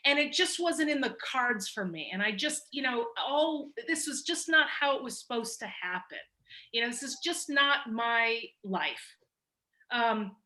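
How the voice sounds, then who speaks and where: A woman filmmaker on a panel, telling an emotional story with animated energy and laughing now and then. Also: a little high, a little slow, rough recording.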